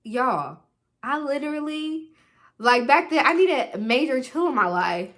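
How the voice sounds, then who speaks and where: A young woman telling a dramatic storytime on her vlog, animated and leaning on "literally" and "like". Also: high-pitched, measured pace. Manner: animated, dramatic retelling with put-on quoted voices; repeats "literally" and "like" constantly. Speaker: vlogger.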